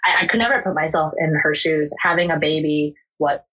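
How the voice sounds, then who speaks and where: A young woman from the United States speaks as a podcast guest, sharing her own story in an open, emotional, unpolished way. Her voice sits low for a woman and has a husky, breathy grain. She swears casually and leans on "like" between thoughts. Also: fairly even intonation, fairly quick, sharp tone, poor audio. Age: young adult. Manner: candid, emotional, swears freely, many fillers like "like". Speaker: interview guest.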